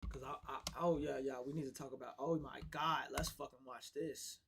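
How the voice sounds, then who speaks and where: A man's voice: mid-range voice, fairly even intonation, moderate pace, vocal fry, fairly bright tone, slight background noise. A young man livestreaming in casual chat, blunt and profane, often breaking into laughs.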